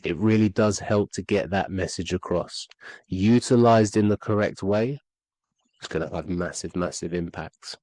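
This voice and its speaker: A man's voice: sits low, moderate pace, a little mellow, no echo, low-quality recording. A man teaching voice and speaking skills on a podcast, earnest and repeating key points for emphasis. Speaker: communication skills coach. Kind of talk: instructional podcast talk.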